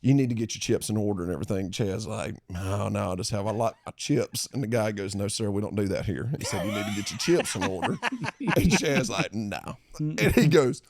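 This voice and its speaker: Teasing podcast co-host man, lively voice. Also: on the low side, a little fast, no room sound. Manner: laughing, teasing anecdote telling. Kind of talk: casual chat.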